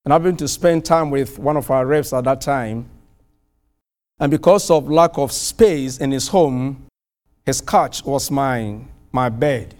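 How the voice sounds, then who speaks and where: A middle-aged male preacher from abroad, with a high-pitched voice. He tells a story in his sermon with lively energy, and his voice rises loud on exclamations. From outside the US.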